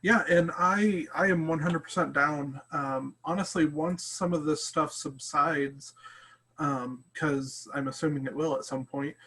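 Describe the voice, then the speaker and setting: A man, a game master, speaking on a group call in halting sentences full of ums. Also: fairly high pitch, fairly bright tone, breathy edge. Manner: hesitant, lots of ums, supportive. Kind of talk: casual video call chat.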